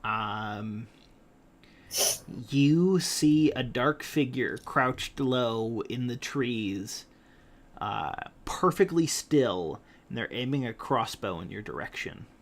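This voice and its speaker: Brief: male game master, unhurried and hesitant, voice rising and falling a lot. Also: medium pitch, animated. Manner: hesitant, with frequent ums and uhs. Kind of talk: narrating a tabletop game.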